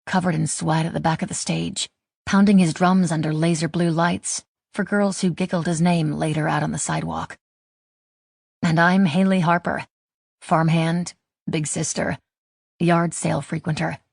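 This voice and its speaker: Brief: female audiobook narrator, self-deprecating first person, husky tone, dry close sound. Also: on the low side, a little mellow, dry recording.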